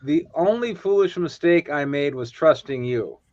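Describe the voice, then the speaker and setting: An idealistic young hero pleads earnestly in a fairly high, lively voice, as a man reads his part. The sound is dull and dry, as if from a lo-fi mic. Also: normal speed, no room sound, natural voice. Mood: pleading.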